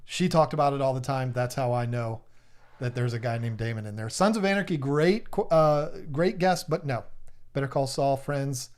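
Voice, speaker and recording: A man's voice: medium pitch, darkish tone. A man, hosting a casual live stream and teasing viewers as he runs through their guesses. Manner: playful, teasing, lists guesses rapidly. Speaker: livestream host.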